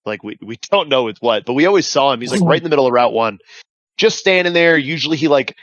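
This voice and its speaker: A man's voice: medium pitch, animated, quick pace, a bit bright, dry recording, muffled recording. A man casually telling profane war stories on a podcast, acting out radio calls. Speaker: veteran guest telling stories.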